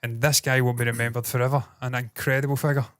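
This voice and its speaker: A man's voice: mid-range voice, little pitch movement, quick pace, fairly bright tone, no echo. A man in his thirties co-hosting a casual podcast, rambling, laughing and swearing freely. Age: 30s. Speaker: co-host. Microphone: loose desk mic.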